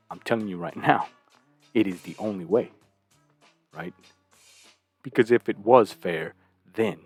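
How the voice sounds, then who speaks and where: A man talks slowly and bluntly in a low, husky, gravelly voice. He gives crude reaction commentary on clips and keeps asking rhetorical questions, with faint music underneath. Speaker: channel host reacting to clips.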